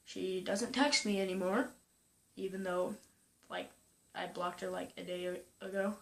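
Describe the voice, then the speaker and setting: A young woman vlogging casually, retelling a story with lots of "like" and quoting people in a higher voice. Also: little pitch movement, a little slow, creaky, a bit bright. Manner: chatty, full of "like" and "I'm like", quoting others in a higher voice.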